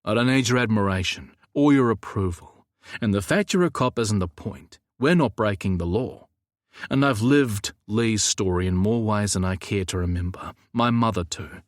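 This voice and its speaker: A man voicing a protective, frustrated man who talks in a defensive, quietly intense way. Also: on the low side, moderate pace, dry recording, studio quality, close to an everyday voice.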